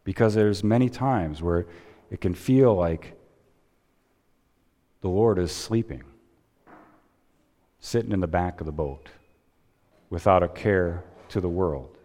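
A male pastor delivers a sermon at an unhurried, measured pace, leaning on long dramatic pauses. His voice sits on the lower side. The sound rings with the long reverb of a church hall. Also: dark tone. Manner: slow, deliberate preaching with dramatic pauses.

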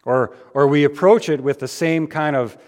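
A pastor giving a conversational sermon, with frequent fillers and restarts. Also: male voice, on the high side, normal speed, a little mellow, big-room sound.

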